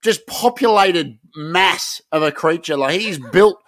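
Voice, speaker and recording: Australian male co-host, slightly higher voice, rowdy sweary rants, dry sound. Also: expressive, measured pace, a bit bright, no echo. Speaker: podcast co-host. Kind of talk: hyped casual chat.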